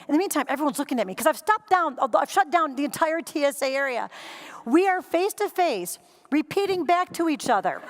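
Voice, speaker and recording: A woman giving a keynote speech, telling a funny story in an animated way and acting out scenes and quotes for a live audience. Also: high voice, fairly quick. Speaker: keynote speaker. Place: conference stage before a live audience.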